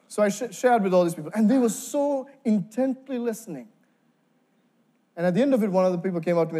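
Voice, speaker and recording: A young man from Sri Lanka giving a faith testimony, telling his story with acted-out dialogue and quick laughs. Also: high-pitched, expressive, warm tone.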